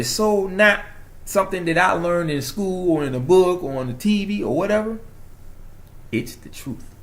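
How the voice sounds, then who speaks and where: A young man with a New York accent, hosting his own channel and talking straight to his viewers in an excited, preachy monologue that swings from loud to hushed. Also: high-pitched, creaky. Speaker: channel host.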